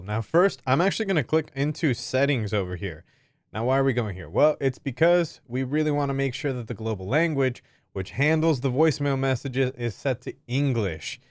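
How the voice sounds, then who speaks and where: Upbeat man hosting a software tutorial. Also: medium pitch, dry recording, clean studio sound. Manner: friendly, jokey, energetic. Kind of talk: upbeat screen-recorded tutorial.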